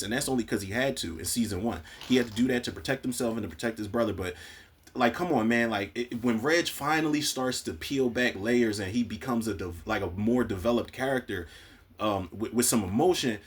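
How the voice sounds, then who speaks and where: Husky-voiced man recapping a show. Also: mid-range voice. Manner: animated, profane, acts out characters' lines. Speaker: TV recap podcaster. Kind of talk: casual spoiler recap.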